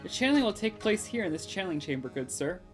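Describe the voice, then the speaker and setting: Cold stern medium lady, all formal and snooty, lowish voice, woman reading it. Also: big pitch swings, fast talker, over music. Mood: haughty. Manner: formal, haughty, stiff. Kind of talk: game dialogue read aloud.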